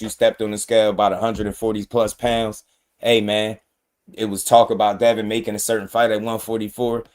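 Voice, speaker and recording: Emphatic man ranting about boxing. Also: fairly low pitch. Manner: emphatic, repetitive, addresses fighters directly. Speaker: boxing commentary host. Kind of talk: casual opinion commentary.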